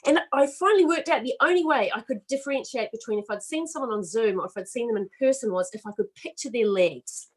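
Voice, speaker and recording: A middle-aged woman from Australia doing a self-mocking, animated stand-up set over a video call. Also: on the high side, quick pace, hardly any pauses, husky, rough recording. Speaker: comedian.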